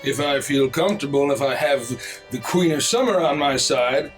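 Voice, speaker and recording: A man's voice: medium pitch, moderate pace, soft background music, voice pushed down, natural voice. A man playing a jovial old bear king. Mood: boisterous.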